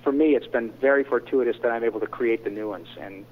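A man's voice: medium pitch, quick pace, phone-quality sound. A man, a voice actor, chatting in an interview in a joking, rambling way. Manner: chatty, joking, full of filler restarts. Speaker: voice actor, guest. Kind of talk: interview chat.

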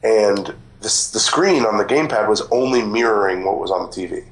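A man with a slightly low voice talks in a room with noticeable echo. He asks pointed questions and jokes around in a casual gaming podcast. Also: brisk. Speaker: podcast co-host. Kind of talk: casual chat.

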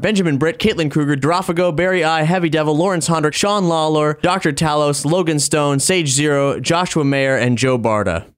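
Upbeat male podcast host. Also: mid-range voice. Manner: upbeat, reads supporter names and messages. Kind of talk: casual podcast announcements.

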